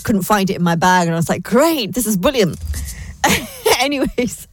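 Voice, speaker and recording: A woman's voice: medium pitch, moderate pace, no echo, soft background music. A woman presenting a breakfast radio show from a studio, chatting and telling a story while she keeps laughing. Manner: giggly, animated storytelling. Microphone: studio microphone.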